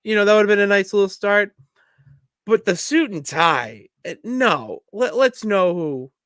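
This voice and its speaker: Animated man on a podcast, dry close mic. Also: sits high, unhurried, dry recording. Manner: animated storytelling, bursts into loud laughs. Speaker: podcast co-host. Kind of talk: casual chat.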